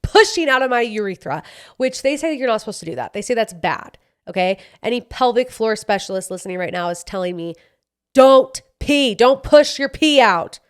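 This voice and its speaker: A young woman hosting a podcast, telling a personal story in a casual, animated way, acting out the dialogue and swearing freely. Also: medium pitch, brisk, smooth. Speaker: podcast host.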